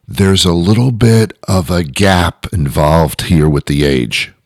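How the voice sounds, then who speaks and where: Very deep-voiced wry male host. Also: no room sound, studio quality. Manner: rambling, wry, deadpan asides. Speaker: show host. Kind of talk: comedic monologue.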